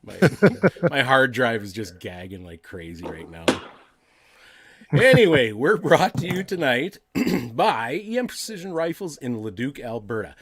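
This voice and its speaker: A man's voice: mid-range voice, a little slow, a crowd in the background. A tired man hosting a podcast, his voice swinging widely up and down. He reads sponsor spots in an offhand, easygoing way. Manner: laughing, animated, offhand. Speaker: podcast host.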